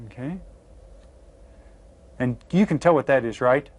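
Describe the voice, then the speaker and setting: A man teaching a beginner language lesson to children, slowly and patiently sounding out each word. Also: mid-range voice, darkish tone. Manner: slow, patient, carefully sounds out words. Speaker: Spanish teacher. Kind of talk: classroom video lesson.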